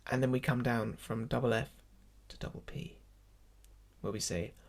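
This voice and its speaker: A man's voice: medium pitch, fairly even intonation, moderate pace, vocal fry. A man leading an online choir rehearsal, explaining German pronunciation and musical phrasing and counting the singers in. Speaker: choir leader.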